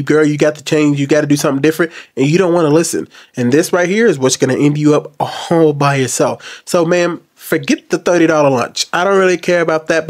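A man commenting on a video clip to his viewers, jumping between loud outbursts and low, quiet asides. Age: adult. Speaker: reaction commentator. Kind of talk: casual commentary to camera.

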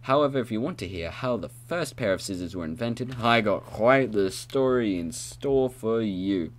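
A man's voice: fairly low pitch, expressive, normal speed, lightly acted. A man voicing a chatty, self-satisfied male scissors expert in a video game, speaking in a grand, long-winded way. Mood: pompous.

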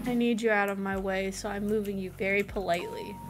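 A woman's voice: medium pitch, steady tone, fast, over music. A young woman streamer chatting playfully and teasing her friends while gaming. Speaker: streamer, game host. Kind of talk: casual gaming stream chat.

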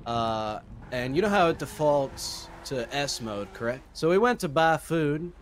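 A man in role-play as a police partner, his slightly high voice swinging widely as he swears. He slips into Spanish phrases mid-sentence, over a faint background hum. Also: big pitch swings, unhurried. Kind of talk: in-character game role-play.

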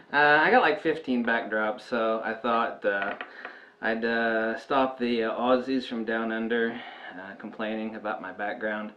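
A man's voice: mid-range voice, steady tone, measured pace, fairly bright tone, dull audio. Rambling, filler-heavy male vlogger. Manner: rambling, full of "uh" and "um" fillers, jokey asides. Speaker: photography vlogger. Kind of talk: casual rambling talk to camera.

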